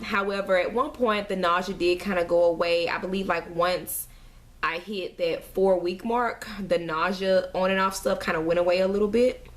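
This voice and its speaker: A young woman talks through a casual vlog update in a fairly low voice. She rambles, fills gaps with "um", and sounds a bit out of breath and queasy as she goes. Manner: chatty, rambling with many fillers. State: nauseous and out of breath. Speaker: family vlogger.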